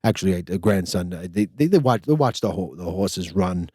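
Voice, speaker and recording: A man's voice: low voice, expressive, a little fast, darkish tone, breathy edge, no echo, clean studio sound. An older man hosting a podcast, telling a rambling story with lots of stammered restarts. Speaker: podcast host. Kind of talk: casual storytelling chat.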